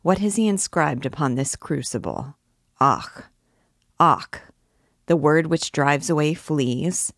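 A woman's voice: sits low, takes it slowly, no room sound, studio quality, heavily acted. A woman voicing a scornful, brooding male archdeacon, a priest, in a clipped way.

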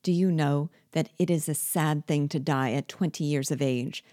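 A woman reading aloud and voicing a horrified young nobleman of twenty who cries out in loud, outraged exclamations. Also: sits low, steady tone, normal speed, dry recording, clean studio sound, natural voice.

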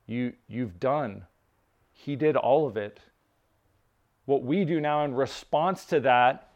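Pastor guy preaching casual, bit high voice, keeps saying right?, muffled lo-fi sound. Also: darkish tone. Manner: conversational, tags points with "right?", jokes aside. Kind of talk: sermon.

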